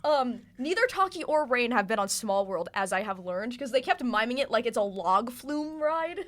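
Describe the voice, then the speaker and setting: A woman's voice: fairly high pitch, big pitch swings, normal speed, a bit bright. A young woman co-hosting a casual podcast, giggling often as she eagerly retells comedy scenes. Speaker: co-host.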